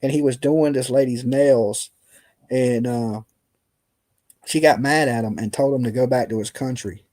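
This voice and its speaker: A man's voice: medium pitch, unhurried, darkish tone. A tired man chatting casually on a live stream in loose, colloquial talk. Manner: loose, colloquial, laughing storyteller. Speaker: livestream host.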